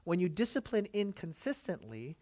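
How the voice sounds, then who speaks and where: Male preacher of Filipino background, emphatic sermon delivery, slightly high voice, dry close sound. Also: very animated, moderate pace, mellow, dry recording. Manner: emphatic, rhetorical questions to the congregation. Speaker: pastor.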